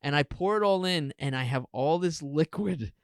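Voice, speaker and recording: A man's voice: on the high side, normal speed, no room sound, studio quality. A middle-aged man from New Jersey, co-hosting a podcast and telling funny stories with lots of swearing. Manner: animated storyteller, swears often. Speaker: podcast co-host. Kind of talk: casual comedic chat.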